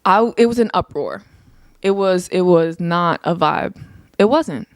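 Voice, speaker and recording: A young woman hosting her own podcast, talking casually and passionately, her voice climbing high when she gets heated. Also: expressive, unhurried, no room sound, studio quality. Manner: passionate, emphatic, rises into heated rants. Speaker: podcast host. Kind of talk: casual solo podcast monologue.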